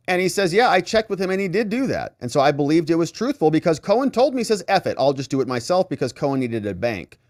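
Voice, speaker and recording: Animated man recapping a trial. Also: medium pitch, dry recording, clean studio sound. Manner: animated and incredulous, retelling courtroom testimony. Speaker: lawyer and legal commentator.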